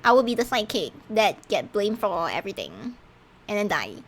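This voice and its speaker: A woman's voice: mid-range voice, moderate pace, slight background noise. A woman streamer giving casual, giggly commentary while playing a game, often stumbling and restarting her sentences. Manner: animated and giggly, with frequent stammered restarts.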